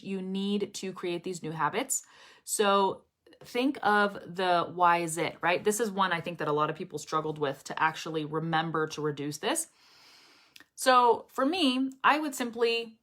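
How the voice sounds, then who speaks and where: A woman's voice: mid-range voice, sharp tone. A woman teaching English pronunciation in a casual live lesson, repeating drill phrases over and over and often checking in with "okay?".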